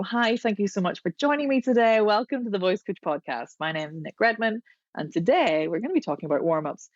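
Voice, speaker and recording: A woman voice coach, chatting as a podcast guest and explaining vocal exercises in a demonstrative, unhurried way. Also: medium pitch, no echo, lo-fi sound.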